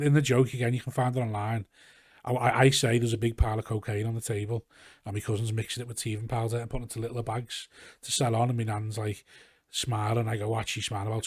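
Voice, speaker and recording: A man's voice: medium pitch, no echo, studio quality. Scouse man telling rambling stories. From Liverpool, England. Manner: rambling anecdotal storytelling, acting out quotes, frequent swearing. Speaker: comedian guest. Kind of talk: casual podcast chat. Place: garage.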